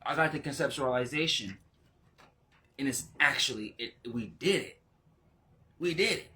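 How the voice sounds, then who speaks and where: A male spiritual teacher with a bright, ringing voice of middling pitch, speaking casually to his followers. He swings from giddy, laughing exclamations that leap up in pitch to slow, hushed reflection. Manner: excitable, laughing, jumps into high exclamations; slows down and goes quiet when reflective. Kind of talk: casual spiritual vlog talk.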